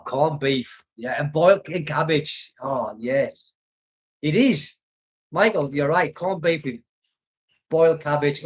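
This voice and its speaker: An older British man living abroad, chatting casually on a livestream, rambling nostalgically and laughing often. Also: a little high. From United Kingdom. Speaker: expat vlogger reading live chat. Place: home in the Philippines.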